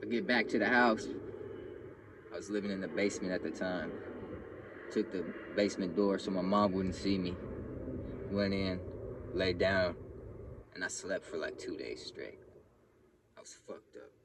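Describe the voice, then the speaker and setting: Young man, lowish voice, blunt street slang, personal story, faint background noise. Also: fairly even intonation, normal speed, long pauses. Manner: blunt, profane street slang, acts out quotes with raised voice.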